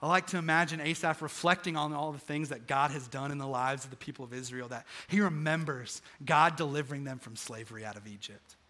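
A young man preaching from a stage, his voice bright and ringing with a slightly high pitch. He tells a personal story in earnest, repeating phrases, then swells into emphatic peaks. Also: fairly even intonation, brisk, few pauses. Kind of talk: sermon. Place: stage in front of a live congregation.

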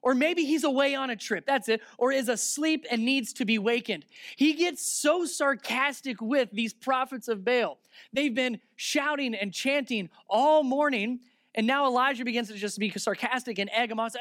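A man preaching a sermon, reading Bible verses aloud and retelling them with lively asides, switching from loud sarcasm to hushed reverence. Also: very high-pitched, normal speed, no room sound, clean studio sound. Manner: talks aside to the listeners between verses.

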